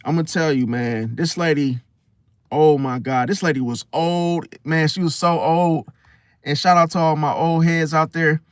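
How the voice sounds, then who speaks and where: A young man talking casually to camera, telling a personal story in an animated, slangy way. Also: on the high side, unhurried, clean tone, dry recording, studio quality. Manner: animated storytelling, slangy, swings loud and soft. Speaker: host.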